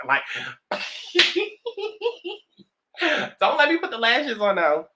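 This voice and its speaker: A New York woman of about thirty, a vlogger, does her makeup at home and chats sassily, swearing a lot, in a get-ready-with-me video. Her mid-range voice swings widely in pitch at a measured pace, and the audio is very noisy.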